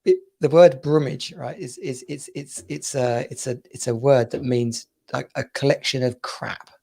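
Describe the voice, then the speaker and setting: A man's voice: mid-range voice, fairly even intonation, moderate pace, vocal fry, darkish tone, slightly rough. A man from the UK in his thirties, hosting a casual podcast chat and rambling through stories between laughs. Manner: rambling, chatty storyteller who laughs often. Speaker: podcast host.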